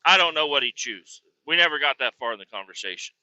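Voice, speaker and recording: A man hosting a comedy podcast, ranting with heavy profanity and sudden bursts of shouting. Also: mid-range voice, lively intonation, fast, no echo. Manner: profane, erupts into shouting tirades. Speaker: podcast host. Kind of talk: comedic rant. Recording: dull lo-fi recording.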